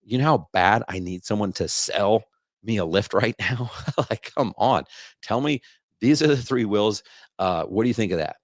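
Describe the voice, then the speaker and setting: A man hosting a podcast, delivering an energetic, repetitive sales rant in a coaching tone. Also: fairly low pitch, moderate pace, dry recording, clean studio sound. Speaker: podcast host.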